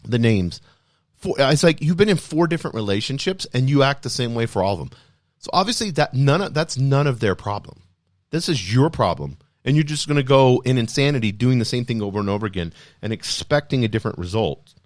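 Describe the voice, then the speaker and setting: A man hosting a podcast, speaking in an energetic, emphatic motivational style full of rhetorical questions. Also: mid-range voice, a little fast, no echo, clean studio sound. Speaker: podcast host. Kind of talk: motivational solo talk.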